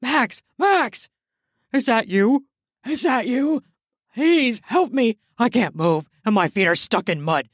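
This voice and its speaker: A woman's voice: fairly low pitch, moderate pace, few pauses, fairly bright tone, no echo, clean studio sound, pitched below the performer's own voice, natural voice. Woman voicing a desperate pleading man. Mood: frantic. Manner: frantic begging.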